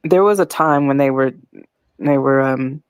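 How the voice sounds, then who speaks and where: A woman chatting casually as co-host, chatty and quick to giggle. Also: rumbling low, smooth, no echo. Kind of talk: casual chat.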